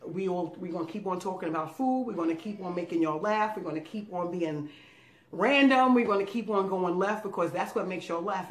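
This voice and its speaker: A woman co-hosting a channel, giving viewers a casual, rambling and emphatic thank-you message. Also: on the low side. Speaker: channel co-host. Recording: echoey room.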